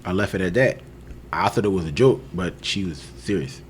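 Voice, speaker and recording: A man's voice: deep voice, moderate pace, a little hiss or hum. A young man telling a long personal story in casual podcast chat, loose and chatty with lots of fillers. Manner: loose storyteller, lots of "like" and "you know", laughs often. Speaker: podcast co-host.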